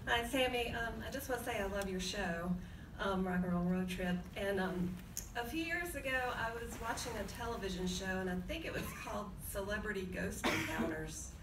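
A woman's voice: mid-range voice, moderate pace. A woman in the audience asking a question, hesitant and full of fillers. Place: conference hall. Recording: echoey hall, far mic, clear background noise.

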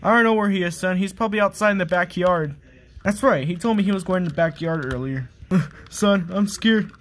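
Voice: mid-range voice, a little fast, close to an everyday voice. A performer voicing a timid, easily frightened dad who whimpers and screams in panic. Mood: scared. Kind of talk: comedy skit acting.

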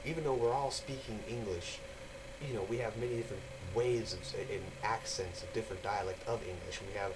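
Low-voiced rambling American man. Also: fairly quick, background noise. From United States. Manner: rambling, full of fillers and restarts. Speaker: vlogger. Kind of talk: casual explanatory monologue.

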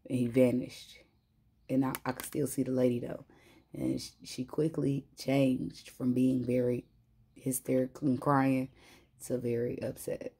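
A woman's voice: very deep voice, level tone, measured pace, mellow, slightly rough. A woman giving a casual spiritual tarot reading, chatty and laughing often as she talks to her viewers. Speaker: tarot reader.

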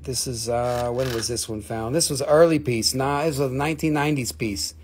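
A man selling rocks on a live auction stream, excitable and swearing, mocking himself as he slashes prices. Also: mid-range voice, brisk, husky. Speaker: live-stream rock seller. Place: shop.

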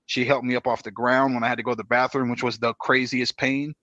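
A man in his thirties, a dance guest, talking in a relaxed, slangy way with many fillers. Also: mid-range voice, quick pace, no echo, muffled recording. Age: 30s. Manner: laid-back, slangy, lots of fillers. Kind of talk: casual podcast chat.

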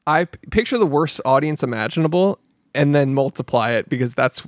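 A man's voice: fairly high pitch, animated, fairly quick, no room sound, clean studio sound. A man co-hosting a movie podcast in casual chat, sarcastic and profane, telling long stories. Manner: sarcastic, swears, tells stories at length. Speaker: podcast co-host.

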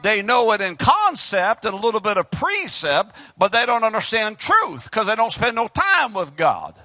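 A male pastor with a Southern US accent, preaching a fiery sermon and swinging from loud outbursts to quiet asides. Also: high voice, wildly swooping pitch, normal speed, no echo. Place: church sanctuary.

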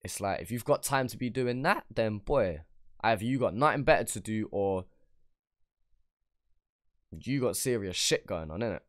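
A man's voice: fairly low pitch, animated, moderate pace, long pauses, no echo, clean studio sound. A man, hosting a music reaction and giving casual, slangy commentary on a song. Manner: loose slangy street talk.

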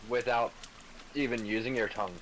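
A man's voice: medium pitch, steady tone, fairly quick, a bit bright, slight background noise, rough recording. A man chatting casually while gaming, a jokey storyteller. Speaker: co-player guest.

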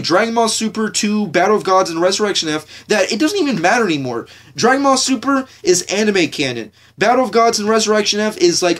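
A young American man hosts a podcast, ranting casually with a high, fairly bright voice. His delivery is profane and repetitive, packed with swearing, fillers and restarts.

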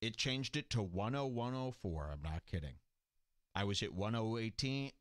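Sarcastic man with a bright, dry voice. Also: on the low side, expressive, normal speed, dry recording. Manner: sarcastic, with jokey exaggeration. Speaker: host. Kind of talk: mocking commentary over a clip.

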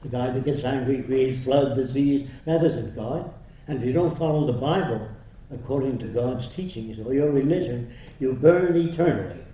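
A man's voice: medium pitch, moderate pace. An older man giving a public lecture, blunt and mocking, laughing at his own jokes. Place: lecture hall. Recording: dull echoey hall recording.

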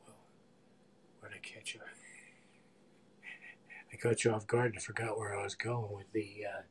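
A man's voice: fairly low pitch, flat delivery, slow, husky. A man in his sixties chatting in a rambling, meandering way while cooking live in his home kitchen, often trailing off into mumbled asides. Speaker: live-stream cook. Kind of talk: rambling live-stream chat.

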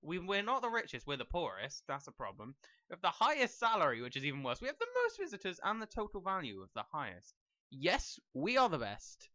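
This let's play gamer is a young man with a high, sharp voice, talking briskly with huge pitch swings. He rambles casually over the gameplay and speaks to the characters on screen, recorded dry with the highs cut off.

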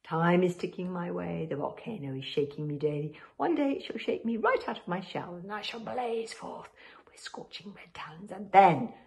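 A woman voicing a menacing ancient dragon stirring inside a volcano, speaking in slow, breathy whispered threats. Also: on the low side, a little mellow.

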